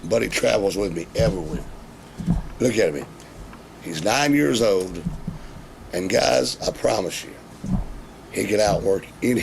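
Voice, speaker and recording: A middle-aged man, a wrestling veteran telling profane, animated stories in a casual interview. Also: fairly low pitch, vocal fry. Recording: noisy background.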